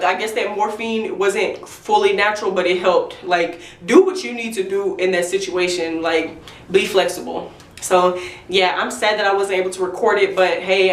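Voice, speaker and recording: A woman's voice: mid-range voice, slight background noise. A young woman telling a candid, chatty storytime to her viewers. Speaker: vlogger. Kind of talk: storytime vlog. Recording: roomy echo, mic at a distance.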